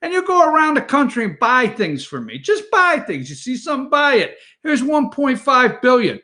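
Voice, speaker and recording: A man's voice: very high voice, wildly swooping pitch, moderate pace, pushed and bright, exaggerated voice. A man putting on an exaggerated accent to voice a brash, scheming boss who hands out money.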